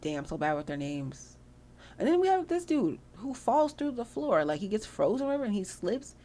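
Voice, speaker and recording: A woman's voice: mid-range voice, big pitch swings, brisk, dark tone. A young woman giving casual, slangy gameplay commentary, chatty and freely swearing. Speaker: gameplay video host.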